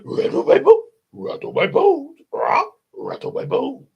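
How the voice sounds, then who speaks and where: A man's voice: extremely high pitch, wildly swooping pitch, a little slow, vocal fry, husky, muffled recording, pitched above the performer's own voice, exaggerated voice. A man voicing a squawking male pet parrot as a grating, whiny comedian impression, in a storybook reading. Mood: screeching. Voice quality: screechy, grating. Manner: yelling, whiny.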